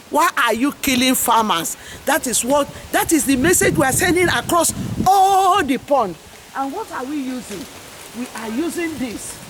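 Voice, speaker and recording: There's a faint hiss or hum behind this high-pitched woman's voice. She's a middle-aged host and farmers' advocate with a Nigerian English accent, running an impassioned, meandering monologue full of repeated, preachy slogans.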